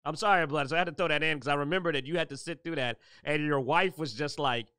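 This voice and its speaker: A bright, clear-voiced male co-host keeps jumping in with jokes and teasing asides. His voice sits fairly high and sounds crisp and dry. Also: fast talker, no echo. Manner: joking, playful interjections. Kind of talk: casual interview chat.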